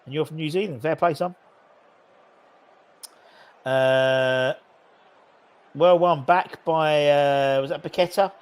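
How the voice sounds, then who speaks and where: A man's voice: a little high, fairly even intonation, slow pace, pauses often, clean tone. A man hosting a live football watchalong, calling the play casually, joking and bantering with viewers in the chat. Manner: chatty, jokey, banter with viewers. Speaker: host of a live match watchalong.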